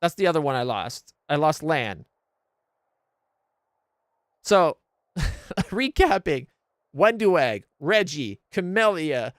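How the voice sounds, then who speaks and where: High-voiced man ranting over a game. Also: very animated, takes it slowly, clear, resonant tone, dry recording, studio quality. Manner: exasperated, profane ranting. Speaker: streamer playing a game blind. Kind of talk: casual gameplay commentary.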